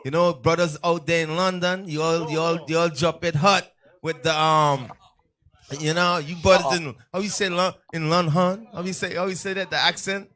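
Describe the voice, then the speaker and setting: A man addressing listeners watching from afar, encouraging them in a relaxed, repetitive way. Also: a little high, moderate pace. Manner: relaxed, encouraging, repeats himself a lot.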